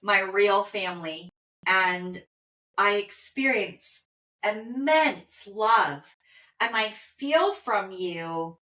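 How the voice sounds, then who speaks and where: A woman voicing a sweet, anxious male rescue dog, relaying his words slowly and tenderly in the first person. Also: mid-range voice, bright, forceful tone. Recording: roomy echo.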